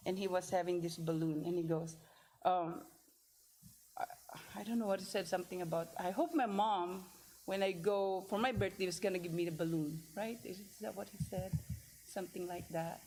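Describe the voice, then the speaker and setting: A woman telling a congregation about a mission trip, in an informal, rambling way with many restarts and lively quoted asides. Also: on the low side, moderate pace, a little hiss or hum, low-quality recording. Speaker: church member sharing a mission trip story. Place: church hall.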